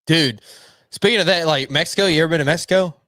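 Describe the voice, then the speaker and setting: A man's voice: a little high, fast talker, pushed and bright, no room sound. Young man, casual chat, swears a lot, rambling anecdotes, dry recording. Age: young adult. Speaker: podcast co-host. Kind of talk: casual profane storytelling.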